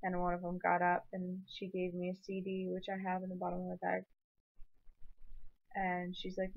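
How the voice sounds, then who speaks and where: A woman's voice: lowish voice, completely flat delivery, moderate pace, gravelly, highs cut off. Earnest young woman telling a story. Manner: emotional, earnest, rambling. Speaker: vlogger. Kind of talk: personal storytelling vlog.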